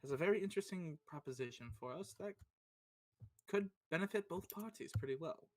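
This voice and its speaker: A man's voice: on the high side, lively intonation, fairly quick, darkish tone, slight background noise, voice pushed up, close to an everyday voice. A man voicing a sly, easygoing male rogue card player. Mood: smooth.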